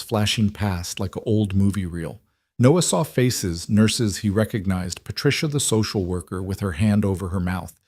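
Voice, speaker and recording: A man narrating a dramatic story in a steady, scripted storytelling manner. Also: on the low side, no room sound, clean studio sound.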